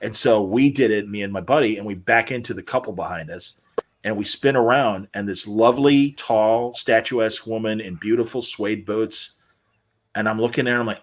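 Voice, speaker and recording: A man's voice: fairly low pitch, brisk. A man in his fifties, a podcast co-host, telling rambling anecdotes with teasing jokes in casual chat. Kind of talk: casual storytelling.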